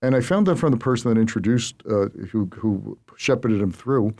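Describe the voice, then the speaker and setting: Man, middle-aged, podcast host, casual interview, animated storytelling, medium pitch. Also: normal speed. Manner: animated storyteller, rising emphasis.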